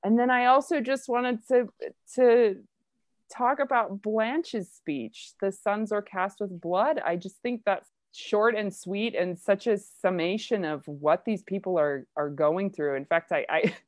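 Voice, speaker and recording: A woman leading a casual play discussion, chatty and enthusiastic with quick asides. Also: medium pitch, no echo, studio quality. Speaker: discussion leader of a play reading.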